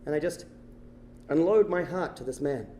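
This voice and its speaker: A man performing a comic true-life story on stage in an animated way, swearing and breaking into shouts. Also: on the high side, moderate pace, slight background noise. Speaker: stand-up storyteller. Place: live venue stage. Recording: echoey live hall.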